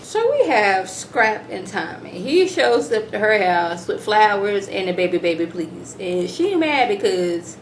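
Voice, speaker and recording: A young woman recapping a reality show in a sassy, animated way, mimicking the people she talks about. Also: mid-range voice, unhurried, few pauses, a little hiss or hum. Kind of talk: casual recap commentary.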